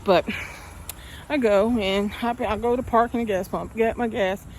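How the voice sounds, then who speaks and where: A woman's voice: medium pitch, fairly even intonation, normal speed, darkish tone, slight background noise. Breathless woman vlogging while walking. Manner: chatty storytelling, heated when upset. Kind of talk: casual walking vlog. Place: outdoors, walking.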